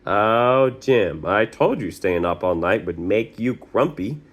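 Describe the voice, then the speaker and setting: A man's voice: on the low side, expressive, slow. A man doing a fond, teasing ape mom. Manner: sing-song, fond. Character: doting ape mother, gently teasing.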